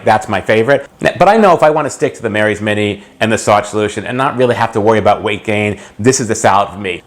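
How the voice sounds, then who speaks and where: A man hosting a cooking video, casually explaining a recipe step by step and then tasting it. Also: on the low side. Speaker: cooking channel host.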